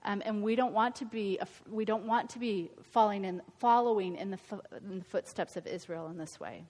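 A woman's voice: mid-range voice, moderate pace, a little mellow. A woman giving an earnest, conversational Bible teaching, correcting her own slips. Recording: long hall reverb.

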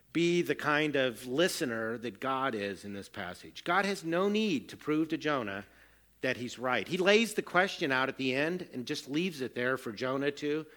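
A man's voice: mid-range voice, a bit bright. A middle-aged man preaching a sermon, earnest and self-deprecating as he tells stories from family life. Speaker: pastor.

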